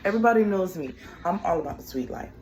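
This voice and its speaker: A woman's voice: fairly low pitch, rough recording. A woman telling a storytime rant in a casual vlog, blunt and sassy. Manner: blunt, sassy, drawn-out and expressive. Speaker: vlogger. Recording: noticeable background noise.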